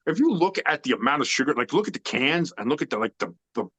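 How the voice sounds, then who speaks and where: Male sports podcast co-host, mid pitch, opinionated, emphatic, rambling. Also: lively intonation, fast talker, a bit bright, breathy edge. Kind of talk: casual sports talk.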